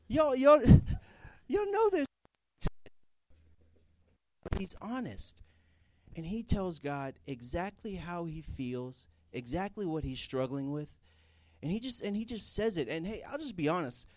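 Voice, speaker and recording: A young man giving a casual, comedic sermon, animated and joking as he acts out people praying. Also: high voice, unhurried, dry recording. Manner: animated, jokey, acts out prayers in put-on voices. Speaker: youth speaker.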